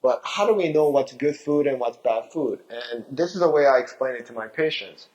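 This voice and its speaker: A man's voice: mid-range voice, expressive, normal speed, darkish tone, lo-fi sound. A male physician giving a health talk, explaining diet with rhetorical questions.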